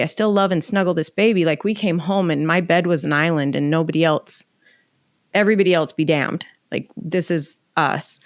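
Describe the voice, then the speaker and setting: A middle-aged woman telling a personal story as a podcast guest, animated and emotional, acting out bits of dialogue. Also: fairly low pitch, dry recording, studio quality. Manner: animated, emotional, quick asides with reenacted dialogue.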